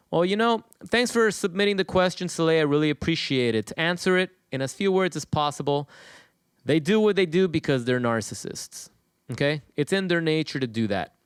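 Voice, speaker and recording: A man's voice: a little high, lively intonation, brisk, clean tone, no room sound, clean studio sound. A man hosting his channel, talking to viewers in an emphatic, repetitive, profane monologue. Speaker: channel host.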